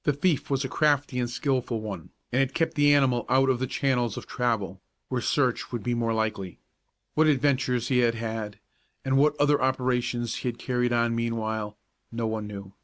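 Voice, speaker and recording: Calm male bedtime-story narrator. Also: mid-range voice, normal speed. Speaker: audiobook narrator.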